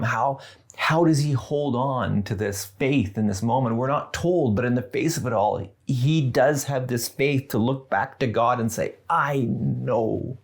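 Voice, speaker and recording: A pastor with a medium-pitched voice preaches a sermon in an earnest, conversational way, sprinkling in gently humorous asides.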